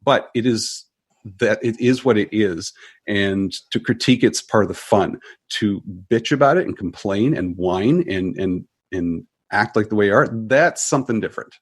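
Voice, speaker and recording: A man on a podcast panel, giving emphatic, animated opinions in casual chat. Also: lowish voice, normal speed, breathy edge, no room sound, studio quality. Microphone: headphones with mic.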